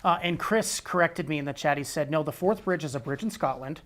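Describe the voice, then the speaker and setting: Moderator, man, relaxed, reads chat questions on a live stream. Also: on the high side, fairly quick. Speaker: livestream moderator. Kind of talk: reading viewer questions.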